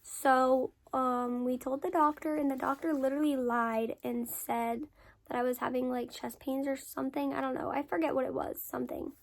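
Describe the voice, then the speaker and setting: Young female creator, high voice; casual, candid storyteller who curses and repeats for emphasis. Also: normal speed, vocal fry. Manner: candid and frank, swears freely; lively storyteller with emphatic repetition. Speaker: content creator answering follower questions.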